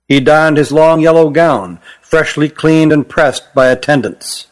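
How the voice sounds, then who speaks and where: A man reading a fantasy novel aloud as the narrator, in a steady, even storytelling manner. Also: on the high side, a little slow, few pauses. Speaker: audiobook narrator. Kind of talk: scripted narration.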